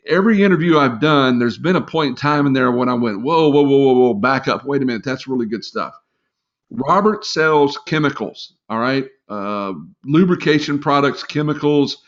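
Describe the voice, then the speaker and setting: A middle-aged man training salespeople in a live webinar, chatty and encouraging, with lots of fillers. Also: medium pitch. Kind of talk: casual live webinar talk. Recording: slightly dull lo-fi webinar audio.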